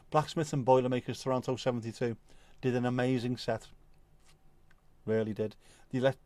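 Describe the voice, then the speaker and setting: A middle-aged man hosts a relaxed livestream chat in a dry, close-miked sound. His voice sits at a middle pitch. He laughs and swears freely while he rambles along. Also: dry recording. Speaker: livestream host. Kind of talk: casual chat reading viewer comments.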